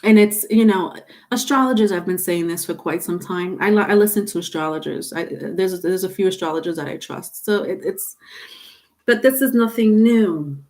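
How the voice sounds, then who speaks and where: A woman's voice: on the low side, normal speed, a little mellow. A middle-aged woman talks casually through a tarot livestream from home. Her delivery is chatty and loose. She circles back over her points and laughs often. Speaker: tarot reader.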